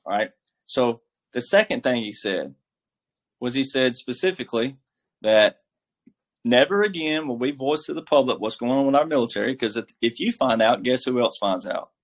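A man's voice: medium pitch, expressive, normal speed. A man giving casual political commentary as a guest, emphatic and preachy, with a folksy, filler-heavy way of talking. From military background.

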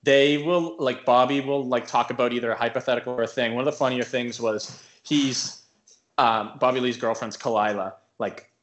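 With a medium-pitched, steady voice at normal speed, this man co-hosts a podcast and spins a long, rambling story in casual conversation. Filler words pile up, and he performs the quotes as he retells events.

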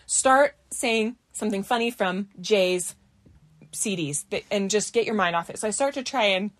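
A woman's voice: mid-range voice, normal speed. A young woman co-hosting a podcast, telling a story with laughter and acting out quoted voices. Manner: animated, laughing, acts out quotes. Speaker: podcast co-host. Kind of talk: casual storytelling chat.

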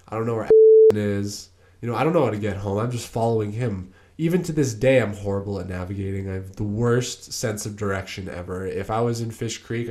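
A young man tells stories on his solo podcast in a relaxed, meandering style packed with fillers. His voice is on the low side with a darkish tone.

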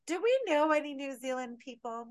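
A woman co-hosting a horror film podcast, talking casually with lively, profane rants. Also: high voice, normal speed, no echo. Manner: animated, profane, ranting. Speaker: podcast co-host.

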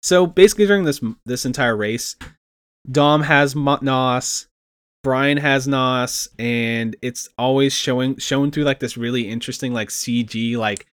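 A man's voice: mid-range voice, unhurried, clean tone, dry recording. Young man recapping a movie, laughing. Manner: laughing, animated retelling with acted quotes. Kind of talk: casual movie recap chat.

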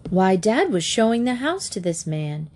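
A woman reading a children's book aloud in a gentle, expressive narration. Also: mid-range voice, normal speed. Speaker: audiobook narrator.

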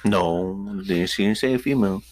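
Deep-voiced blunt podcast man. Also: moderate pace, dry recording. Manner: blunt, profane. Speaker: podcast co-host. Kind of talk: casual chat.

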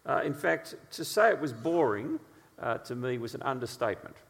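A man preaching a sermon, telling stories in an animated way with frequent "uh" fillers. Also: medium pitch, moderate pace, creaky, big-room sound.

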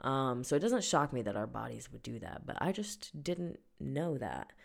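A young woman with a strikingly deep voice hosts a casual solo podcast. She talks in a chatty, playful way, often laughing and tossing in slang. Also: big pitch swings, moderate pace, vocal fry. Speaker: podcast host.

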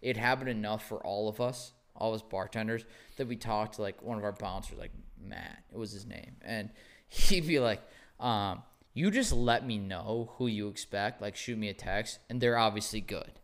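Animated young man telling bar stories. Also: fairly low pitch, moderate pace. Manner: animated storytelling, swears freely. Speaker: podcast host, former bartender. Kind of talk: casual chat.

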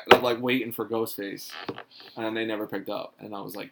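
A man's voice: on the low side, a little fast, gravelly, heavy background noise. A man from Philadelphia, a guest rapper telling stories in casual, swearing podcast chat. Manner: swearing, storytelling, animated.

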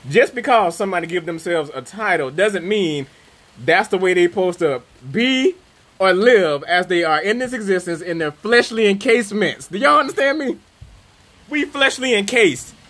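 Animated high-voiced man riffing loosely. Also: normal speed. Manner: animated, rambling, preachy riffs and sudden chants. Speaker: podcast co-host. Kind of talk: loose comedic banter.

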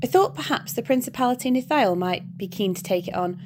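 A prim, anxious male angel, read by a woman talks in a polite, hurried, fretful way. His courtesy runs quick and nervous in a storybook reading. A steady hiss sits under the recording. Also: a little high, pitched above the performer's own voice, close to an everyday voice. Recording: background hiss.

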